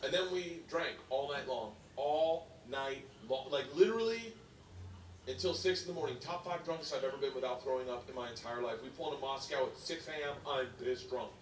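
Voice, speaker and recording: A man doing stand-up storytelling, loud and rambling, often laughing at his own story. It is a stand-up clip replayed in an echoey room. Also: medium pitch, a little fast, far from the mic, a little hiss or hum. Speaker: stand-up comedian.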